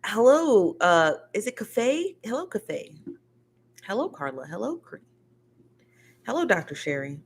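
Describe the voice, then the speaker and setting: A woman's voice: mid-range voice, very animated, unhurried, pauses often, slight background noise. A woman hosting a casual livestream after show, chatty and a little tired, greeting viewers and reading their comments aloud. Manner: chatty, laughing, reads out chat comments. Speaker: livestream host.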